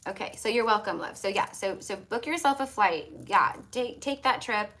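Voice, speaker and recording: A woman's voice: mid-range voice, lively intonation, moderate pace, a bit bright, low-quality recording. A woman reading tarot on a live stream, chatty and affectionate, calling her viewers love and hon. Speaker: tarot reader.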